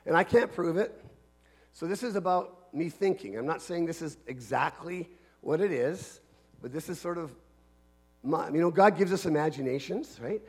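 A man preaching a sermon in an earnest manner, dropping to a hush and then building to shouts. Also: fairly high pitch, expressive, normal speed, slightly rough.

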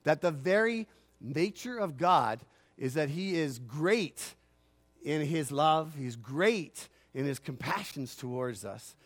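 A man pastor preaching a sermon, swinging from loud swells to quiet asides and acting out imagined voices. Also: on the high side, animated, slow. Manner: acts out imagined phone calls in a grumbling aside voice.

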